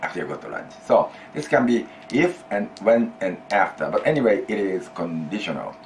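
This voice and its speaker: A man's voice: low voice, very animated, moderate pace, a little hiss or hum. A man teaching a Japanese grammar lesson in English, explaining patiently, repeating key phrases and prompting his student to answer.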